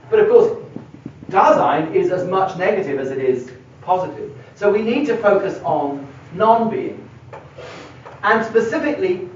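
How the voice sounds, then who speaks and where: A man's voice: high-pitched, darkish tone, slight background noise. Man lecturing in an echoey hall. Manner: thinks aloud, stressing words, writing on a board. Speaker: philosophy lecturer. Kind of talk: university lecture. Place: lecture room. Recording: echoey lecture hall, mic far away, dull and lo-fi.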